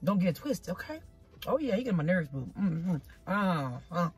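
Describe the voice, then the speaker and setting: In a sing-song voice on the low side, husky and at a moderate pace, a woman chats with viewers while eating. She's filming a casual mukbang vlog on her phone from an outdoor parking spot, with soft background music. Her folksy manner has her saying "y'all" and "child" often.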